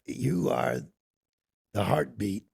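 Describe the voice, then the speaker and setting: A middle-aged man, an actor, chatting as a podcast guest in an emphatic, affirming way with a gravelly voice. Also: medium pitch, a little mellow, no room sound, clean studio sound. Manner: emphatic and affirming, lots of quick agreement. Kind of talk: casual interview chat.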